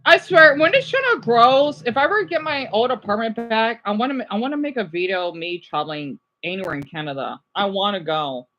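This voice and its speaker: A woman's voice: on the high side, animated, fairly quick, hardly any pauses, a bit bright, muffled recording. A woman live-streaming her reaction, gushing and exclaiming, easily distracted, who swears casually and then apologizes. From United States.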